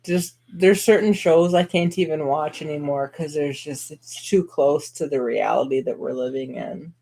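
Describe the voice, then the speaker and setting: A woman's voice: low-pitched, normal speed, creaky, dark tone. A woman co-hosting a casual live radio-style stream, bantering and laughing often. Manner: giggly, playful banter. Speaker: co-host.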